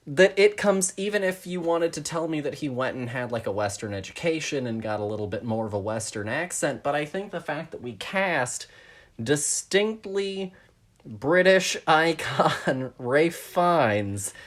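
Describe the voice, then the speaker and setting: A man's voice: a little high, expressive, unhurried. A man co-hosting a podcast, talking through a film in a casual, thoughtful way, hedging and restarting his sentences often. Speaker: podcast co-host.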